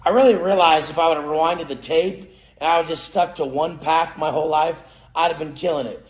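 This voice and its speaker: A man giving a profane, aggressive motivational rant, cursing and yelling at his listeners. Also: on the high side, fairly even intonation, a little fast. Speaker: motivational speaker. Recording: roomy echo.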